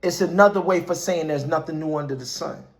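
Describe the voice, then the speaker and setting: A man's voice: a little high, fairly quick. A man giving an impassioned street speech, quoting scripture and hammering phrases over and over like a preacher. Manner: preacher-like, repeats phrases for emphasis; quotes scripture.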